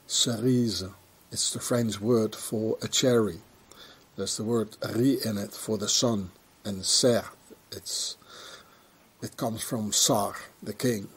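In a walking commentary to his handheld camera, a man with a husky, lowish voice wanders through town, pointing things out and rambling in a conspiratorial manner.

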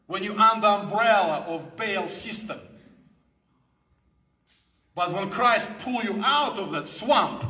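A man's voice: sits high, bright, forceful tone. A man from the former Soviet Union, giving a fervent, preaching speech in broken English. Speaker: guest speaker. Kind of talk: impassioned speech. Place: hall. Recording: echoey hall recording.

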